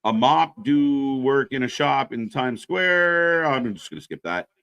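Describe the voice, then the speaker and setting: A man's voice: medium pitch, expressive, unhurried, fairly bright tone, no echo. A man co-hosting a wrestling live stream, in casual, profane chat that reacts to the action and answers viewers.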